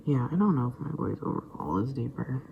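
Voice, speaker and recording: A man's voice: medium pitch, a little fast, gravelly, narrow, tinny audio. A young man vlogging in a casual rambling monologue, stammering through restarts and dropping into whispered asides. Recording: steady background noise.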